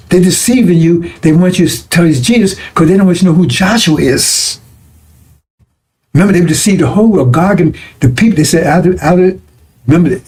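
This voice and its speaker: Man preaching, mellow tone, a bit high, conversational, keeps checking in with listeners. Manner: conversational, repeats 'right?' and 'see?' to check listeners. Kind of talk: broadcast sermon teaching.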